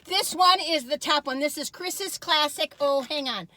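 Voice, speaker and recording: A woman's voice: high-pitched, a little slow, sharp tone, slight background noise. A woman chatting casually in a taste-test vlog, bubbly and giggly, full of chatty asides. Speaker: food review vlogger.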